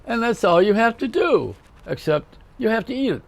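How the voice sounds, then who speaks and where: This older male host wanders through a comedic monologue aimed right at the viewer, full of wisecracks and one-liners. His somewhat higher-than-typical male voice is sing-song and creaky, delivered at a moderate pace.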